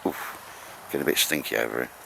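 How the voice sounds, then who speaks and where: A man's voice: a bass voice, a little fast, vocal fry, noisy background. A man bantering and teasing his mates on a bushcraft outing in the woods, recorded on camera. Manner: joking, teasing, chatty. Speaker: bushcraft vlogger. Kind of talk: casual banter with friends. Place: outdoors in woods on a cold day.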